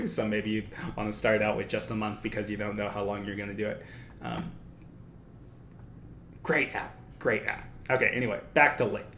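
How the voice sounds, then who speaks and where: Low-voiced man rambling in an echoey room. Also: sharp tone. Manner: rambling, self-correcting, thinks aloud. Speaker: livestream host. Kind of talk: casual study-stream talk. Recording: echoey room with faint noise.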